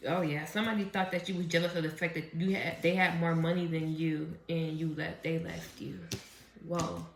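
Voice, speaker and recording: A woman's voice: sits low, level tone, moderate pace, gravelly, background noise. A woman doing a casual tarot reading, chatty and profane, who laughs often as she talks. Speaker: tarot reader. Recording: roomy echo.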